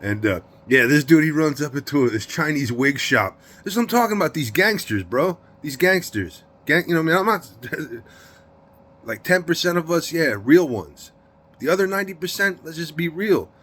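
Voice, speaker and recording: A middle-aged man, telling a story in an interview in streetwise slang, emphatic and animated. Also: a little high, moderate pace. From New York.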